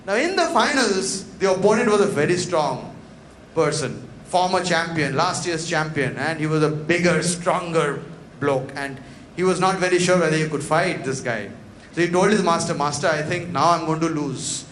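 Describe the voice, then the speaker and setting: A man's voice: fairly high pitch, lively intonation, normal speed, fairly bright tone. A man giving a motivational talk, telling a story dramatically and acting out its dialogue in a large event hall. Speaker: motivational speaker. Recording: echoey hall with faint noise.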